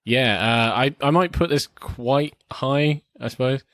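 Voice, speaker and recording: A man co-hosting a casual film podcast, talking haltingly with many fillers. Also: mid-range voice, a bit bright, no echo. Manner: halting, lots of fillers and swearing. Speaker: podcast co-host. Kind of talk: casual film review chat.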